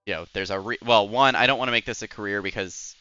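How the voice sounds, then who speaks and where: A man's voice: fairly low pitch, quick pace, pushed and bright, clear, resonant tone, dry recording, muffled recording, faint music behind. A young man who is a Twitch streamer, rambling in casual chat while gaming and filling his talk with "like" and "anyways.". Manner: rambling and chatty, full of "like" and "anyways".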